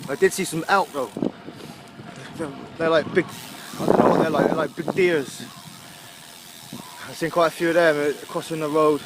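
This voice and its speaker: Heavy background noise surrounds a fairly high-pitched man speaking at a moderate pace with fairly even intonation. A Gloucestershire-accented English cyclist vlogging on tour, he rambles casually from the roadside while riding, chatty and full of fillers and laughs.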